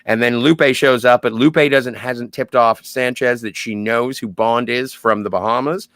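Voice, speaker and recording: A man's voice: mid-range voice, fairly even intonation, fairly bright tone, no echo. A man in casual podcast chat, keen to set the plot record straight. His voice sits close and dry, with no room sound at all. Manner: eager, quick to correct his co-host. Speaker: podcast co-host. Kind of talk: casual film-recap chat.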